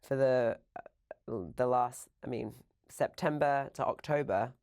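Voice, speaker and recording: A woman with an English accent, talking as a podcast guest in an upbeat, chatty way with quick asides. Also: extremely low pitch, steady tone, darkish tone, clean tone. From England. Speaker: podcast guest, fitness coach. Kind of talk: casual chat.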